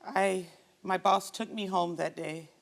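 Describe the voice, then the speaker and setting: A woman's voice: lowish voice, a little slow, gravelly. A middle-aged woman, a talk show guest, telling her own story with feeling and acting out the people in it. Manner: animated storyteller who acts out her quarrels.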